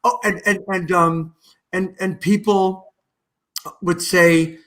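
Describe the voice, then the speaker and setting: His voice sits high and he speaks slowly. As a guest on a video call, this middle-aged musical theatre actor tells lively, animated anecdotes that ramble and keep restarting.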